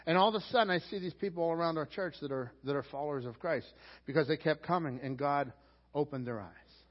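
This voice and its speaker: A man's voice: fairly high pitch, brisk, husky. A man preaching a sermon as pastor in a church, driving his points home with repetition and rising emphasis. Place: church sanctuary. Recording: dull sound with long hall reverb.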